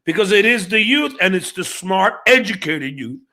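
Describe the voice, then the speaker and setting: Very animated and sharp-toned, the middle-aged host's high voice moves at a moderate pace. On his livestream he tells stories and talks politics, swearing often and restarting with stammers.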